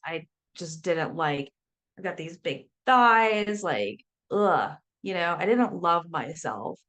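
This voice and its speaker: A woman's voice pitched a little low, talking as a sober coach in a relaxed podcast chat. She is chatty and animated, peppers her talk with "like", and slips into bright little voices for her own thoughts. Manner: animated, chatty, many "like"s, acts out her inner voice. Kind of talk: casual podcast conversation.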